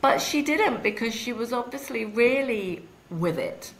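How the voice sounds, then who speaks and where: A woman's voice: a little high, animated, a little slow, gravelly. A British woman, a guest author, speaking reflectively and thoughtfully in a conversational interview. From United Kingdom. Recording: echoey room with faint noise.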